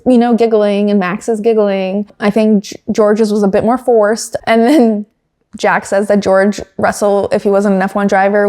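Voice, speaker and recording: A woman's voice: medium pitch, a little mellow. A woman hosting a casual motorsport podcast, chatting with many fillers, giggles and dry asides. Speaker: podcast host. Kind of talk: casual chat recapping motorsport news.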